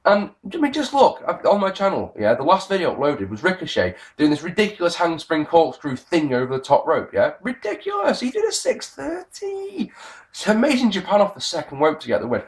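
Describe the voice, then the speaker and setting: A man giving a casual, sarcastic review of a wrestling show, swearing often and swinging between grumbling and excited outbursts. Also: a little high, brisk, hardly any pauses. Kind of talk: casual solo review rant.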